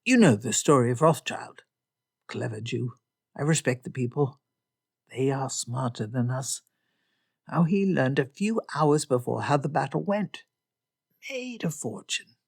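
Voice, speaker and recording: A woman's voice: rumbling low, expressive, unhurried, gravelly, pauses often, husky, full character voice. A woman doing a clipped, jovial merchant uncle. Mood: hearty. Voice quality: clipped delivery. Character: clipped, jovial middle-aged male merchant.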